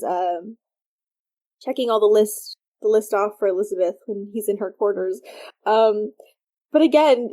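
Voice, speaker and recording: A woman's voice: on the high side, dark tone. A woman co-hosting a fan podcast in casual chat, laughing often and filling her talk with "like". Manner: laughing, lots of fillers. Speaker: podcast co-host.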